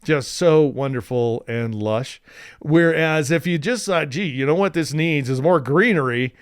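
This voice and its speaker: A man hosting a screen-share software tutorial, chatty and enthusiastic, with asides and restarts. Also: fairly high pitch, a little slow, smooth, dry recording, studio quality.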